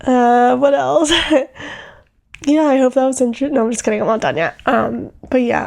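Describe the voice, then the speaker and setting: A woman's voice: a little high, creaky, darkish tone. A young woman hosting a solo podcast from home, chatting casually and earnestly, full of fillers and restarts. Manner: rambling, filler-heavy, earnest. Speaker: podcast host.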